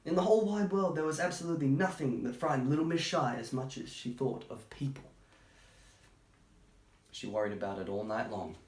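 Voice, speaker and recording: A man reading a children's picture book aloud, breaking off for chatty, gentle asides. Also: medium pitch, expressive, a little fast. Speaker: storytime reader. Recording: roomy echo.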